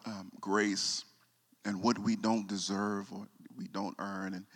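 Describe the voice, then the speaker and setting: Pastor in his forties, echoing church. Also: on the low side. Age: 40s. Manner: repeats words and restarts, voice drops soft when moved. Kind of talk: emotional sermon storytelling. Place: church sanctuary. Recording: long hall reverb.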